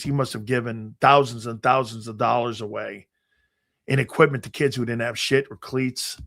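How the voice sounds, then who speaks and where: Gravelly older man telling stories. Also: medium pitch. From Connecticut, United States. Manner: rambling anecdotes, frequent restarts and fillers, profane. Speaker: sports show host and former football player. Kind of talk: casual storytelling on a live sports show.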